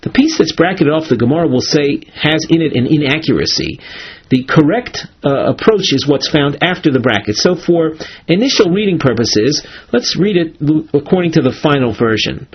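A man teaching a Talmud class, reading Hebrew and Aramaic source lines aloud and explaining them in English, slowing down to chant key phrases. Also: a little high, animated, husky. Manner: slows down to chant source phrases, with small restarts. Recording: dull lo-fi lecture recording.

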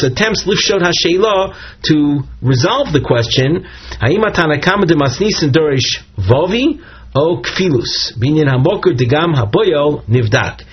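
Man teaching, very husky voice. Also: medium pitch, dull audio. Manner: reads Hebrew and Aramaic phrases, then translates and explains them; hesitant, with fillers and self-corrections. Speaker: Talmud teacher. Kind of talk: Talmud lesson explaining a text.

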